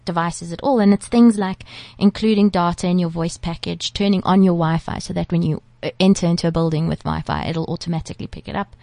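A woman co-hosts a radio tech chat in the studio and readily agrees with the host. Her voice is a little lower than most women's. It is recorded close and dry, with no room sound. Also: steady tone, vocal fry, dark tone, no room sound. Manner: agreeable, quick to back up the host. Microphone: studio microphone.

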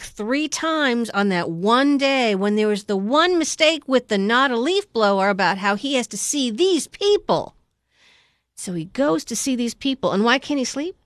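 Animated woman recapping a movie. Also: high-pitched, no echo, studio quality. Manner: animated, acts out scenes with sound effects and quoted voices. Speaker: podcast co-host recapping a movie. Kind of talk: casual chat.

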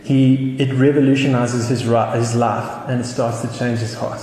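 This South African pastor's sermon has a dark tone, a mid-range voice with little pitch movement, and a normal pace. Telling a story, he chuckles and starts over many times, while the echoey hall adds faint noise.

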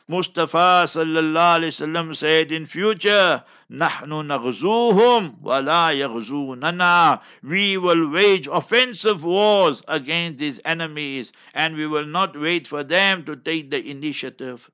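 A man's voice: on the high side, bright, forceful tone, muffled recording. An older man with a South African accent hosting a religious talk show, giving emphatic news commentary with scolding asides. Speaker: Islamic radio talk host.

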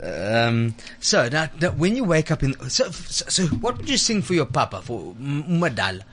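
A man's voice: fairly high pitch, sing-song, normal speed, a bit bright, a little hiss or hum. A man hosting a radio show from the studio, teasing and theatrical in a casual chat. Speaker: radio host.

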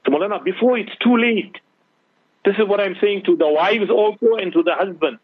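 A husky, dry man's voice comes down a tinny phone line, a scholar preaching earnestly to radio listeners. He slips Urdu phrases in among his advice. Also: high-pitched, a little fast, dry recording. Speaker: guest Islamic scholar. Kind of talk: radio talk show advice.

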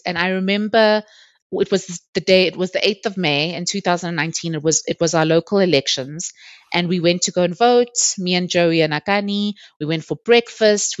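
A woman's voice: fairly low pitch, no echo. Candid woman telling her story. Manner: lively, candid, laughs often while telling the story. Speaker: interview guest. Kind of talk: personal storytelling in a podcast chat. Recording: dull, slightly lo-fi dry recording.

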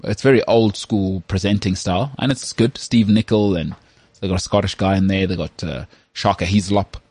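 A man from South Africa with a South African accent, co-hosting a casual podcast chat in an animated, opinionated way. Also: sits low, moderate pace, dry recording. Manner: animated, opinionated, repeats words when starting. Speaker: podcast co-host.

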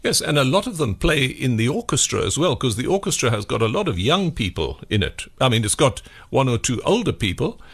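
A man hosting a classical music radio interview, unhurried with frequent hesitations. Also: medium pitch, sing-song, a bit bright. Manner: gravelly, unhurried, with frequent uhs. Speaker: radio presenter.

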